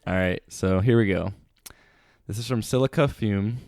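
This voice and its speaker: A man's voice: fairly low pitch, normal speed, darkish tone. A man co-hosting a comedy podcast in casual chat, reading listener stories aloud with playful asides. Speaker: podcast co-host.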